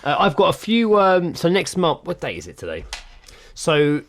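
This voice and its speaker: Male podcast co-host, casual and sweary, wide-ranging expressive pitch, talks over a video call. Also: moderate pace. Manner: animated, swears freely, plenty of fillers. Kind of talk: casual chat.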